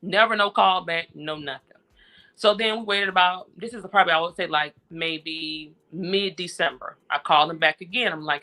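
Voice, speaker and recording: A woman with a bright, forceful voice tells her story as an interview guest. She sounds worn down and frustrated, and she retells each exchange steadily and in detail. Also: fairly low pitch, moderate pace. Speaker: interview guest, grieving mother. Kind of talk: personal account in conversation.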